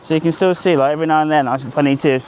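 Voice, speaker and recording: A man's voice: a little high, steady tone, very fast, darkish tone, a little hiss or hum. Upbeat man training dogs outdoors. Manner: upbeat and encouraging, with sing-song praise to the dog. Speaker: dog trainer. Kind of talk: instructional dog training walk. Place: outdoors on a group dog walk.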